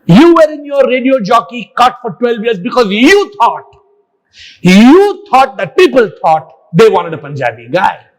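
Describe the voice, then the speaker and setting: A man's voice: very high voice, very animated, a little slow, rough recording. A man giving a motivational talk in an interview, punchy and repetitive with word-play and acronyms. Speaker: guest speaker on the mind and life.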